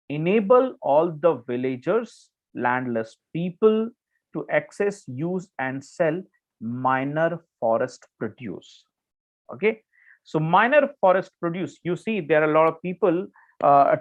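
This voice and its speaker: Tinny-sounding Indian English male teacher. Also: on the high side. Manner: explains with many restarts and fillers, checks in with "okay". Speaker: exam coaching teacher. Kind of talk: online current affairs lecture. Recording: tinny phone-like audio.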